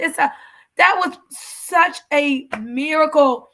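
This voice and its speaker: Lead female host, high bright voice, emotional storyteller who gets loud when moved. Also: normal speed. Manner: animated, gets emotional, raises her voice at the peak of the story. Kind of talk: emotional testimony in a casual conversation.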